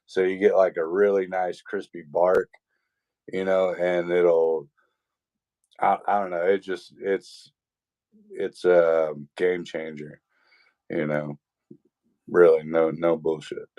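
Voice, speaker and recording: Deep-voiced laid-back man. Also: flat delivery, slow, long pauses, a little mellow, no echo, lo-fi sound. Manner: laid-back, rambling with fillers and restarts. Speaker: stream host. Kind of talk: casual livestream chat.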